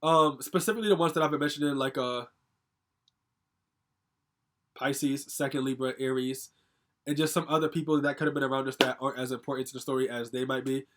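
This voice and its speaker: A man's voice: medium pitch, fairly even intonation, brisk, long pauses, a bit bright. A young man telling a personal story to camera in a casual, angry, profane rant full of fillers.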